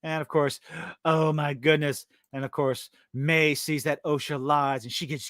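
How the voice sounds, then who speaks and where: A man's voice: fairly high pitch, flat delivery, a little slow, fairly bright tone, no echo, clean studio sound. A man hosting a live-stream podcast, ranting about a show with heavy swearing and exasperation. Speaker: podcast host.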